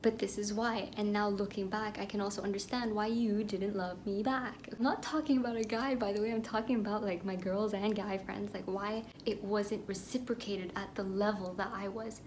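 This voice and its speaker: A young woman from Pakistan telling a personal story in a candid, animated monologue that drops into whispered asides. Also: medium pitch, normal speed, hardly any pauses, slight background noise. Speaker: podcast host.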